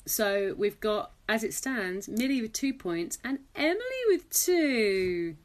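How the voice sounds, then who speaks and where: A young woman from England, hosting a casual podcast chat and telling lively anecdotes. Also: on the high side, slow pace. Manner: animated anecdotes with laughter. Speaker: podcast host.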